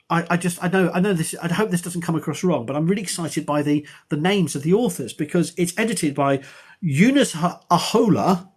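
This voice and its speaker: A middle-aged man, an archaeology professor, chatting on a live stream in a rambling, self-mocking and excitable way. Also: fairly high pitch, slightly rough. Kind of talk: casual live-stream chat.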